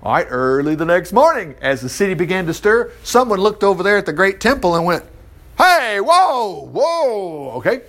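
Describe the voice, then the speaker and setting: Middle-aged guy preaching, reads scripture then jokes about it, voice high and bouncy. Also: fast, hardly any pauses. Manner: animated, chuckling commentary. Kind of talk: Bible reading with lively asides.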